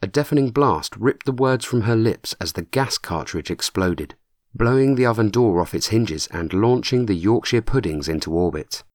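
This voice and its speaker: A man with a lowish voice tells the story in a measured way, his pitch moving a great deal. The recording is close and dry, from a studio mic. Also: expressive, a little mellow, no room sound. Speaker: audiobook narrator. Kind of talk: scripted narration.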